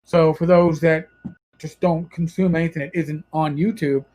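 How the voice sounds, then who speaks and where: A man's voice: fairly high pitch, fairly even intonation, moderate pace, darkish tone, rough recording. A man with a New York accent hosting a podcast, chatting in a rambling, self-correcting way. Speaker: podcast host. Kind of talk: casual podcast chat.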